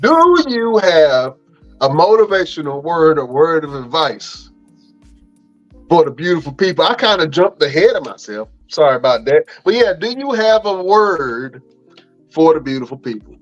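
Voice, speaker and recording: A man's voice: on the high side, animated, moderate pace, lo-fi sound, faint music behind. A man hosting a wrestling podcast, casually running through the show's plugs in a laid-back, slangy, rambling way. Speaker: podcast host.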